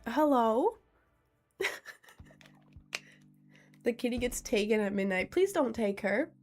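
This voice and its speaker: A giggly young woman chats on a live stream in a slightly high, soft, expressive voice, speaking slowly. She reads viewers' questions aloud and answers them playfully and easily, with background music playing.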